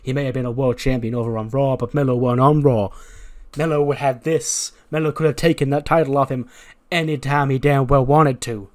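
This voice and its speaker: A man putting on a cocky trash-talking male wrestler, swaggering and loud as he brags. He punches his boasts with extra volume in a middle-pitched voice. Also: fairly even intonation, fairly quick, lightly acted.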